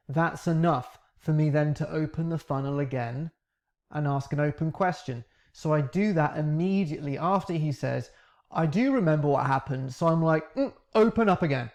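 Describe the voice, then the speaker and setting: A man teaching English, calmly breaking down the grammar of questions he asked in a recorded interview. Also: fairly high pitch. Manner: calm, reflective, breaks down grammar step by step.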